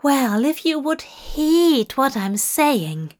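A woman's voice: high-pitched, sing-song, slow pace, a little mellow, voice pushed up, exaggerated voice. A woman voicing an earnest, fussy, bookish male angel who declaims love poetry in a fanfiction audiobook reading.

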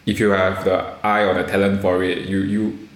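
A young Singaporean man talks in a casual, rambling way, full of fillers, restarts and blunt swearing. His voice sits fairly low. The sound is echoey, as if taken in a bare room. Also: flat delivery, normal speed. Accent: Singaporean English. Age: young adult. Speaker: podcast co-host. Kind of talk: casual chat.

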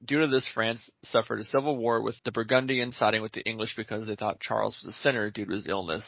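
A man's voice: on the low side, fairly even intonation, fast, vocal fry, no room sound, muffled recording. A man co-hosting a podcast, reading history notes in a casual way and adding dry, wry asides. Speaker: podcast co-host.

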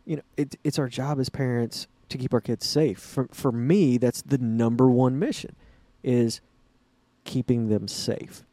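A man's voice: medium pitch, steady tone, unhurried, mellow, no room sound. A man co-hosting a casual podcast, agreeable and giving frequent short affirmations. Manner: agreeable, backchannels a lot. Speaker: podcast co-host.

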